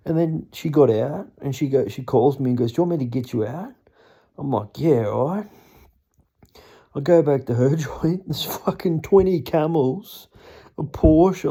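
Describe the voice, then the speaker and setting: A man's voice: medium pitch, dark tone, no room sound. Sweary Australian man telling wild stories. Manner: blunt, sweary, rambling. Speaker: storyteller. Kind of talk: casual anecdote telling.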